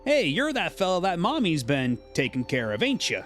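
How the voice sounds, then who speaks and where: Guy doing a squeaky suspicious village kid, folksy talk, jumpy voice, game music under it. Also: huge pitch swings, moderate pace, a bit bright. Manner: folksy dialect, high and wary. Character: rough-talking village boy, suspicious of strangers. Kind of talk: reading game dialogue aloud.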